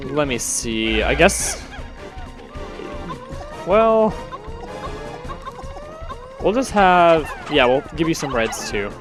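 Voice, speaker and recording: A young man, out of breath, rambling chattily as he commentates a video game playthrough. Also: on the high side. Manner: rambling, self-correcting, chatty. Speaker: let's play host. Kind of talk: casual gameplay commentary.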